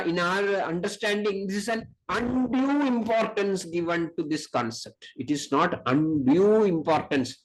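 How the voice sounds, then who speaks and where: A man's voice: high-pitched, low-quality recording. A man with an Indian accent giving an academic lecture on Ayurveda, speaking emphatically, repeating key points and reciting Sanskrit verses.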